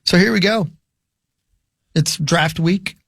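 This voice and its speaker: A man's voice: high-pitched, slow pace, gravelly, fairly bright tone, no room sound, clean studio sound. A man co-hosting a morning radio show, joking around and repeating bits for laughs. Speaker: radio co-host.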